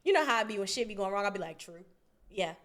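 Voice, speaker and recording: A woman's voice: mid-range voice, animated, quick pace, fairly bright tone. A woman co-hosting a podcast, telling a story in a casual, profane way and acting out both sides of the argument. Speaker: podcast co-host.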